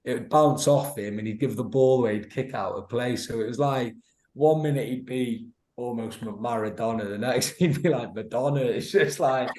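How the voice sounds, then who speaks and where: A roomy echo surrounds this podcast guest, a man in his thirties and an ex-footballer, whose medium-pitched, slightly mellow voice moves at normal speed. Laughing often, he shares anecdotes, acts out quotes, and restarts many times.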